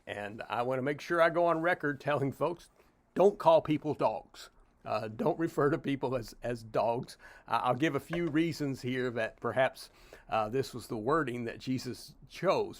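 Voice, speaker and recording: A middle-aged pastor teaching a Bible study in a relaxed, conversational tone. His voice sits at an ordinary middle pitch, and his talk is full of "uh" and "you know" as he works through the passage. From Tennessee, US.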